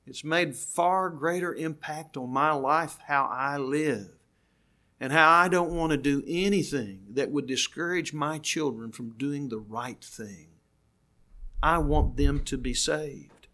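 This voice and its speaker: An older man preaching a sermon, earnest and slowing down to stress key words. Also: a little high, sharp tone.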